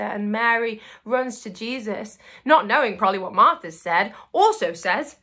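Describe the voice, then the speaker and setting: A woman pastor giving a video devotional in an encouraging, lively storytelling manner. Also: on the high side, a little slow, hardly any pauses.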